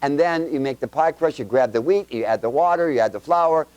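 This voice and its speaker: A man giving an informal Bible teaching to a congregation with children, firing quick questions at them in a chatty, joking way with homespun examples. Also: fairly high pitch, a little mellow, dry recording. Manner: quizzes the audience with quick questions.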